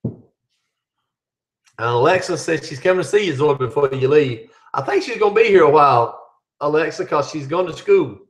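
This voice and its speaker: A middle-aged man's fairly high voice carries lively intonation at a normal speed as he hosts a casual live chat. Chatty throughout, he reads viewers' questions aloud and replies to them.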